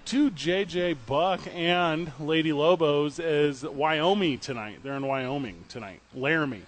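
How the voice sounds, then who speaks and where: A man's voice: fairly high pitch, measured pace. A man co-hosting a sports talk radio show live from a pub, joking with his partner while running through the day's guests. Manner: upbeat, joking, runs the show rundown. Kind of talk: casual sports radio banter.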